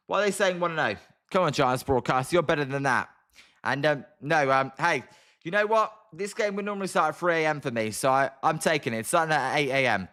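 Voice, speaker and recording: Fast-talking young British man. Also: fairly high pitch, sharp tone. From Britain. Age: young adult. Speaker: live stream host. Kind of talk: live watch-along commentary and chat replies.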